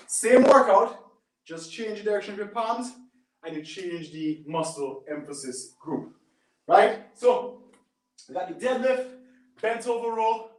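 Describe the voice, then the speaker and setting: A man leading a live resistance band workout at home, coaching through each move and often checking in with "right?". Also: distant mic. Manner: coaching, repeats "right?" and "boom". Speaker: fitness instructor. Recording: echoey room, away from mic.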